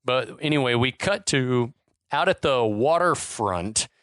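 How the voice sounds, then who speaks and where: A man's voice: medium pitch, expressive, measured pace, background noise. A man co-hosting a podcast, casually retelling movie scenes and quoting lines with easy laughs. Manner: laid-back, retells scenes with quoted lines, laughs often. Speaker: podcast co-host. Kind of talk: casual movie recap chat.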